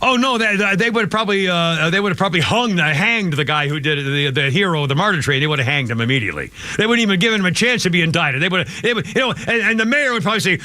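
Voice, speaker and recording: A man hosting a radio talk show, yelling in an indignant political rant and repeating himself. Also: high voice, expressive, fast, few pauses.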